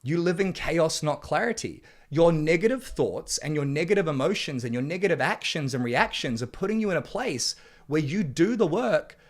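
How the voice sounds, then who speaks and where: A man delivers a self-help chapter in a blunt, preachy way, dropping swear words as he presses his points. His voice sits a little higher than most men's. He surges louder when he hammers home a message. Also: expressive, moderate pace. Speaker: men's coach narrating his book chapter. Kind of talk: motivational self-help reading.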